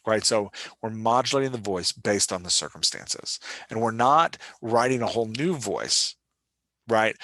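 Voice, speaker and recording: Recorded dry, a podcast host from Louisiana with a residual Southern accent teaches writing alone in a lowish, bright, forceful voice, often self-deprecating and tossing in "right?" to check in.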